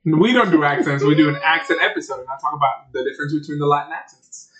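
A man co-hosting a podcast in casual chat, playful and quick to jump between topics and silly voices. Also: a little high, a bit bright. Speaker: podcast co-host.

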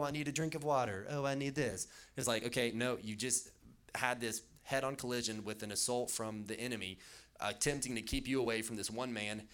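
A man preaching a casual sermon, talking in an animated way with lots of fillers. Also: mid-range voice. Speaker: youth pastor. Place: church hall with an audience.

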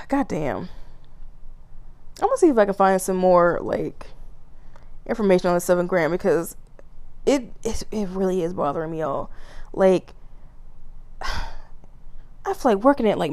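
A woman's voice: fairly low pitch, no echo. A woman hosting her own solo podcast, ranting casually with lots of swearing and frequent laughs. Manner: profane, animated, laughs often. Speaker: podcast host.

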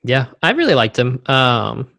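Laid-back guy, middle pitch, talking books, dry close mic. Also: very animated, a little slow, creaky, bright, forceful tone, dry recording. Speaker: book podcast co-host. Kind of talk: casual chat.

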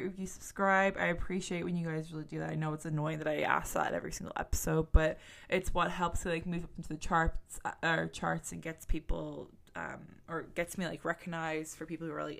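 Chatty young woman with a gravelly low voice. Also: fairly even intonation, brisk, a bit bright. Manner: chatty and rambling, many fillers, laughs at herself. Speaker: podcast host. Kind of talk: casual podcast chat.

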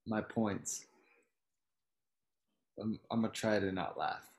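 A young man with a lowish voice in a loose podcast conversation. He rambles, leans on fillers and keeps laughing through his own points. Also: slow pace, long pauses. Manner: rambling, laughs while talking, frequent fillers. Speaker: podcast co-host. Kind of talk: casual chat.

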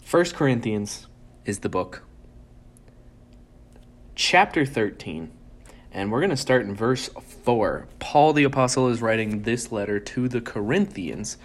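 A man's voice: medium pitch, lively intonation. Earnest man giving a casual devotional. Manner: earnest, reads verses slowly and with emphasis; conversational, chuckles and restarts. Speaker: devotional speaker. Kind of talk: casual Bible devotional talk.

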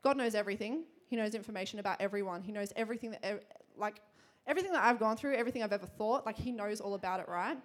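A young woman giving a sermon to a congregation, telling a personal story in a chatty, quick way with lots of fillers and frequent laughter. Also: mid-range voice. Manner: chatty, fast, laughing often, many fillers. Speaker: church speaker.

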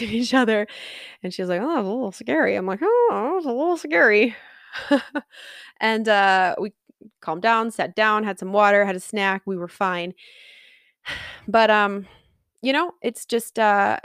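A woman's voice: medium pitch, fairly bright tone, smooth, dry recording, clean studio sound. A woman casually recounting a personal story in an earnest, reflective way, laughing now and then. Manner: earnest, reflective, self-encouraging, laughs often.

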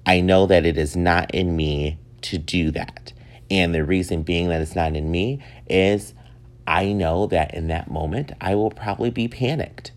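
Deep-voiced man chatting on his podcast. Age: 30s. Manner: chatty, animated, laughs often. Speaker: podcast host. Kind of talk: casual solo podcast talk.

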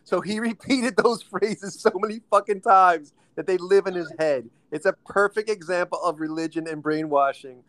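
A man's voice: sits high, moderate pace, hardly any pauses, a bit bright, dry recording. A man hosting a podcast, joking crudely in casual chat. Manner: crude, joking, laughs often. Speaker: podcast host.

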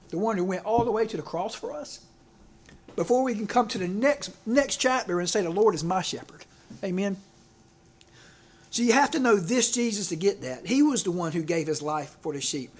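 A man preaching a sermon in a conversational way, often repeating words and asking the congregation for an amen. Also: high-pitched. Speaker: pastor.

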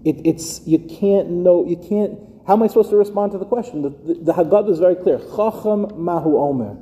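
A middle-aged man gives a live lecture as a rabbi, speaking casually and throwing rhetorical questions at the room. His voice is somewhat high yet dark and mellow. A long reverb hangs on every word, as in a lecture hall. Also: brisk. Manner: conversational, addresses listeners directly with rhetorical questions. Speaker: rabbi teaching educators.

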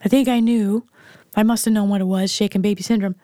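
A woman's voice: medium pitch, fairly even intonation, quick pace, warm tone, dry recording, clean studio sound. A middle-aged woman telling a candid personal story as an interview guest, frank and blunt in how she speaks. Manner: frank and blunt, plain-spoken. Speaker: interview guest, mother of the host.

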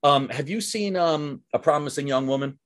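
At normal speed and with a fairly high pitch, a young adult podcast host chats casually. He's lively, curses without restraint, and leans on "dude" and "like" a lot.

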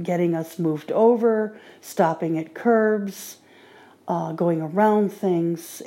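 A woman talking on her own podcast in a casual monologue, calmly recounting her day. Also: on the low side. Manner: relaxed diary-like recounting. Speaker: podcaster training with a guide dog.

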